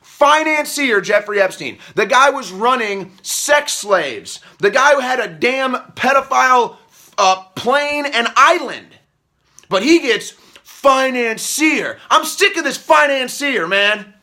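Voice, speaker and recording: A man hosting political commentary, ranting angrily and profanely, repeating himself and swinging from a low mutter up to shouting. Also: expressive, takes it slowly. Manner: angry, profane, repetitive rant.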